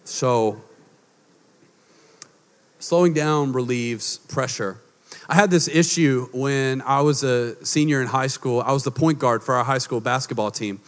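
A man, preaching a sermon as a pastor. He swings from hushed, quiet lines to loud, emphatic ones. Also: medium pitch, measured pace. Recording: long hall reverb.

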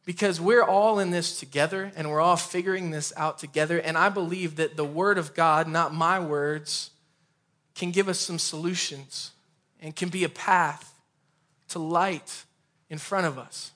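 A young man preaching a sermon in a conversational, energetic way with casual asides, speaking in an empty room. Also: fairly high pitch, unhurried. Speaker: pastor.

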